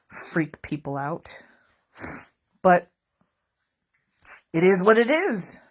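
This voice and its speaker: Lady vlogger rambling thru funny stories, kinda low voice, dry jokey tone. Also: breathy edge. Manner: wry, joking, rambling asides. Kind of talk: casual comedic storytelling.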